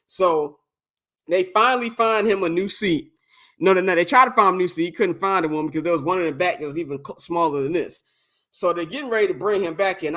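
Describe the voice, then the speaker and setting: Bright, high-voiced man telling a profane story. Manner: animated, profane, acts out quoted exchanges. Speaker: podcast co-host. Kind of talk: casual storytelling.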